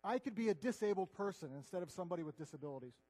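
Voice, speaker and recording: High-voiced man preaching in a hall. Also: animated, rapid-fire. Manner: earnest, conversational, swings between loud and hushed. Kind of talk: sermon. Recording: long hall reverb.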